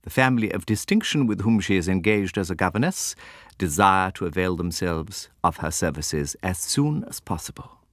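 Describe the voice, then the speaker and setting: A man's voice: sits low, normal speed, dry recording, studio quality, lightly acted. A man reading an audiobook, voicing a stern elderly schoolmistress who speaks in a cold, formal, imperious way. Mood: stately. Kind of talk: audiobook character voice.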